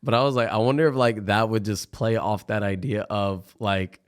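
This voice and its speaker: Young guy, low-ish voice, loose filler-heavy podcast guest. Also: normal speed, clean tone. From Florida. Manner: rambling, filler-heavy, animated retellings. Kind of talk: casual chat.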